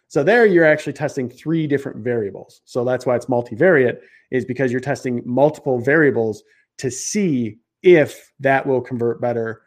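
A man with a Chicago accent talks through his ideas as a podcast guest. He rambles a little and restarts his sentences often, but keeps an eager, energetic drive. His voice sits at an ordinary middle pitch. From Chicago area. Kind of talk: conversational interview explanation.

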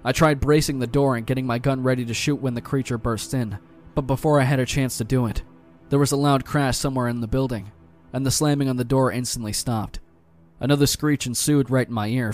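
A man narrating a first-person horror story in a tense, dramatic way. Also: mid-range voice.

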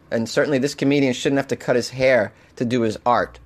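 A man hosting a solo comedy podcast, animated and over-caffeinated, swinging from loud jokes to muttered asides. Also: mid-range voice, fairly quick. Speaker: podcast host.

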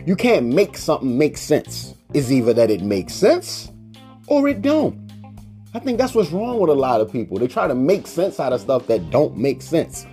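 A man's voice: medium pitch, big pitch swings, moderate pace, few pauses, warm tone, faint music behind. A man from Baltimore, Maryland hosting a solo podcast. He tells stories animatedly, acts out the people he quotes, and rants with mock indignation. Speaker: podcast host.

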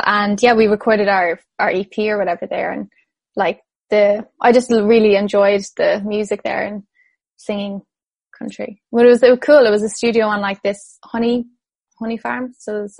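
A woman's voice: mid-range voice, vocal fry, no echo. A woman with an Irish accent, a singer chatting enthusiastically in an interview, full of fillers. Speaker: singer guest. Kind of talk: casual interview chat.

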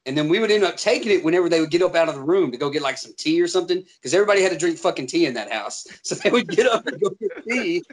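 A man's voice: a little high, very fast, hardly any pauses, a little hiss or hum. A man telling rambling, profane stories in casual chat among friends. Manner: rambling profane storytelling, animated voices in quotes.

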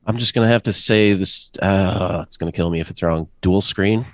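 A man's voice: sits low, normal speed, no echo. A man playing a trivia game as a contestant, thinking aloud and hesitating before he answers. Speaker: quiz contestant. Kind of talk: casual chat.

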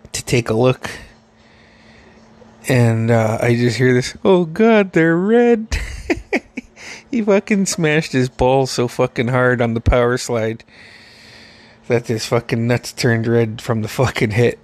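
Gravelly man telling a profane story. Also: mid-range voice, darkish tone. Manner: profane, rambling, laughing often. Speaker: podcast host. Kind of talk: casual storytelling.

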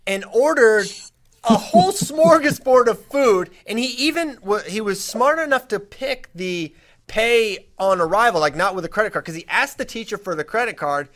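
A man with a high voice and moderate pace hosts a podcast of easygoing conversation and anecdotes. He tells his stories with gusto, often backing up to begin again.

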